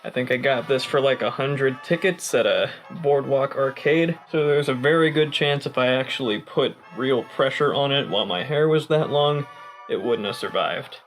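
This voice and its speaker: A man's voice: mid-range voice, normal speed, soft background music, poor audio. Tipsy young man rambling to camera. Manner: joking, rambling, swears freely. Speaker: vlogger. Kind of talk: casual rambling vlog.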